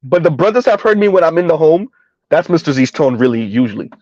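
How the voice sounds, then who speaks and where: A man giving a heated, emphatic commentary rant on his vlog, repeating his points loudly. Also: a little high, very animated, quick pace, dry recording, muffled recording. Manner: loud, emphatic, repeats points, laughs at times. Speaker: commentary vlogger.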